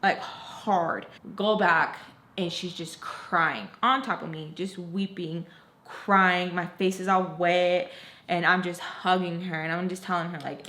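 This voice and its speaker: A woman's voice: on the low side, normal speed, slight background noise. Chatty young woman telling a storytime. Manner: chatty, heavy use of "like" and "you guys"; expressive, retelling scenes with quoted dialogue. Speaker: storytime vlogger. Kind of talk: casual storytime narration. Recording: roomy echo.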